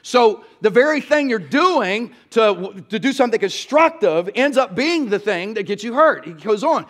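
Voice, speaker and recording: A man's voice: high voice, expressive, normal speed, few pauses. A male pastor, preaching a sermon in a church in a folksy, storytelling way and asking the crowd "y'all".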